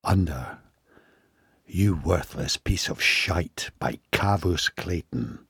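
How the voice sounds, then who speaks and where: A man's voice: low-pitched, animated, takes it slowly, a bit bright, breathy edge, dry recording, clean studio sound. A man reading a first-person audiobook passage as an intense, sweary inner monologue that sometimes drops to a whisper. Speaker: audiobook reader.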